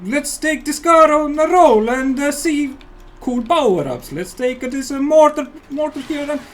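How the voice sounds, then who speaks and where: Hammy Italian-accented announcer pitching a car game, high and theatrical, as a man puts him on. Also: lively intonation, normal speed. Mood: hyped. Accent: Italian, put on.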